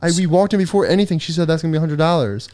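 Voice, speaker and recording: A man's voice: on the high side, rapid-fire, a little mellow, no echo. A young man on a podcast, laughing sheepishly as he tells an awkward story and saying "dude" a lot. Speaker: podcast co-host. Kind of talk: casual storytelling chat.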